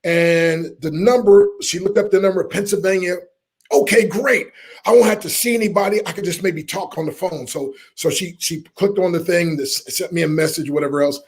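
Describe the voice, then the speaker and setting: A middle-aged man, a motivational speaker telling a lively story in an interview and acting out the people in it. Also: a little high, normal speed, hardly any pauses. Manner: animated storyteller, acts out quoted voices, laughs often.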